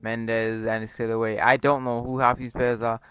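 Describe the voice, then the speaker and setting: A man's voice: mid-range voice, normal speed, clear, resonant tone, soft background music. Young man calling a football video game. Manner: excitable play-by-play, rambling asides. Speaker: gaming YouTuber. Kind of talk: casual gameplay commentary. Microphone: borrowed cheap microphone.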